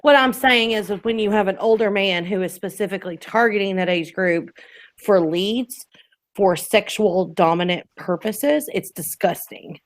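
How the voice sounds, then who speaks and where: A woman's voice: mid-range voice, normal speed. Woman, late 30s, podcast host, earnest and emphatic in casual talk. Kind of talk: casual chat.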